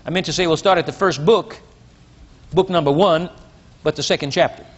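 An older man preaching a sermon, reading scripture slowly and with emphasis and asking his congregation questions, on a dull lo-fi recording. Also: on the high side. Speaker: pastor.

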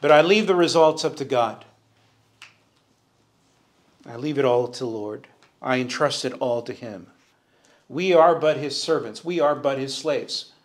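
A man's voice: mid-range voice, measured pace, long pauses. A man teaching a verse-by-verse sermon in church, preaching earnestly, rising for emphasis and calling on the congregation to answer. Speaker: Bible teacher. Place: church sanctuary.

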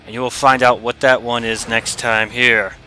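A man giving casual let's-play commentary over a wrestling video game, chatty and excitable and laughing often. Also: medium pitch, moderate pace, soft background music. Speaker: gameplay commentator.

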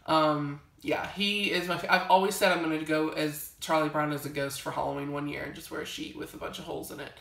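A woman's voice: low voice, fairly even intonation, brisk, creaky, few pauses, a bit bright, roomy sound. A young woman chatting casually to camera as she shows off her collection, gushing and rambling with lots of fillers. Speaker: vlogger showing a collection. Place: home library.

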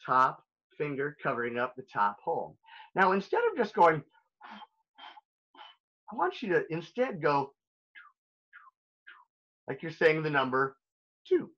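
Upbeat male music teacher, lively and bright. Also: a little high, moderate pace, long pauses, highs cut off. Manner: upbeat, playful, talks straight to young children. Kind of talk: recorded online music lesson.

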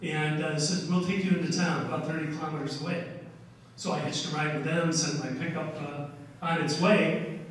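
Captured from far off in a large, echoey hall, an older history presenter talks through his slides in a fairly high, steady voice at normal speed, with slight background noise. His lecture is casual and folksy, full of stories and many "uh"s and "okay"s.

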